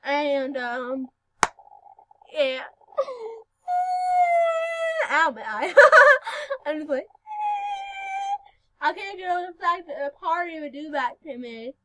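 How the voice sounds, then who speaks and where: A female speaker giving casual gameplay commentary, giggly and excitable, breaking into sudden loud outbursts. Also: high-pitched, takes it slowly, pauses often, low-quality recording. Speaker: gaming video host.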